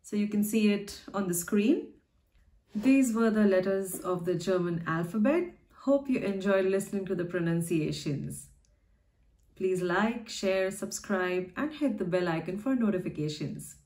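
A woman's voice: mid-range voice, expressive, a little slow, darkish tone. A woman who hosts her own channel, patiently teaching how to pronounce letters and explaining them with everyday examples. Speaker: language teacher and channel host. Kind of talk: slow, careful teaching of pronunciation. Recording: echoey room.

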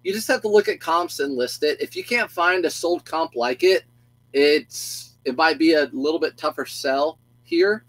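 A man's voice: fairly high pitch, moderate pace, a bit bright, no echo, low-quality recording. Chatty goofy man greeting live viewers. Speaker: reseller streaming live. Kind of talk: casual live-stream chat with viewers.

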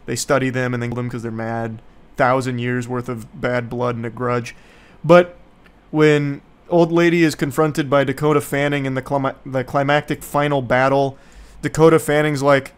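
A man's voice: mid-range voice, little pitch movement, moderate pace, clean tone. A young man giving casual, sarcastic movie commentary in a rambling, mocking way. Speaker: YouTube commentator.

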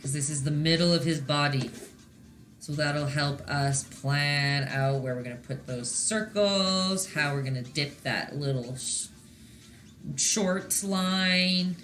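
Bright-voiced chatty woman teaching painting. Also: low-pitched, slow, faint music behind. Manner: chatty and encouraging, often checks in with the viewers. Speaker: painting instructor. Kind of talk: casual live-stream painting lesson.

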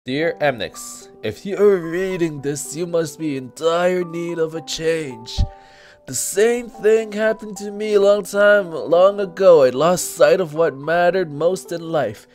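A man putting on the slow voice of a gentle, dying old grandfather. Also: on the high side, faint music behind, voice pushed up. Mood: tender. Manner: reads very slowly.

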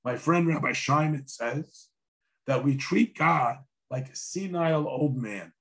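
Hoarse rabbi giving a wry talk. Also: male voice, fairly high pitch, unhurried, a bit bright. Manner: conversational and wry, with dry humor. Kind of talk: sermon-style lecture with storytelling.

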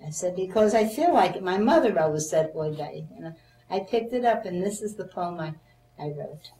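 A woman's voice: fairly low pitch, animated, normal speed, dark tone. A woman in her eighties being interviewed for an oral history, reminiscing chattily and reciting a comic poem in a playful sing-song. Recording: roomy echo, faint background noise.

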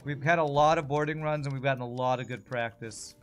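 A man's voice: medium pitch, fairly even intonation, brisk, soft background music. A man casually commenting on his own gameplay on a live stream, thinking aloud and answering viewers. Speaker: game streamer.

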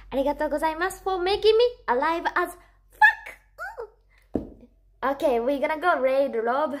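A woman streamer chats casually with her viewers. She sounds giggly and excitable, and her voice sits noticeably high. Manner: giggly and excitable, laughs often. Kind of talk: casual livestream chat.

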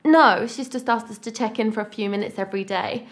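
A woman's voice: on the high side, fairly quick, natural voice. An actress playing a ditzy, eager-to-please young woman in a comedy sketch, bubbly and giggly. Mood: chirpy.

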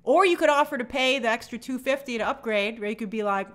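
A woman's voice: on the high side, fast, hardly any pauses. A woman hosting a live stream, reading viewer comments aloud and answering them in a chatty, opinionated way. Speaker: movie channel host answering viewer questions. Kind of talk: casual live-stream chat.

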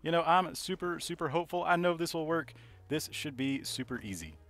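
A man giving casual commentary over his gameplay, rambling and self-mocking, filling pauses with "you know". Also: a little high, a bit bright, faint music behind. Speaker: gaming video creator.

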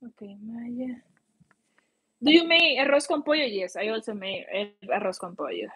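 A woman's voice: a little high, big pitch swings, moderate pace, a bit bright, husky. A woman with a Colombian accent, a native Spanish speaker, chatting casually on a livestream and often searching for English words. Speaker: vlogger.

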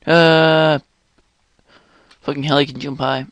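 Excitable swearing young man gaming. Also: a little high, slow, long pauses, no echo. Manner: excitable, swears and exclaims often. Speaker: gaming channel host. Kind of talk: let's play commentary.

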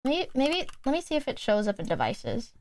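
Her high-pitched voice leaps through huge pitch swings and moves fairly quickly. Streaming live from her home desk, this woman reacts and talks to chat, exasperated and cursing freely.

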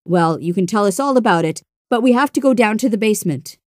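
A woman voicing a father, calm and matter-of-fact, in her own voice. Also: medium pitch, quick pace, dry recording, studio quality, close to an everyday voice. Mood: hurried.

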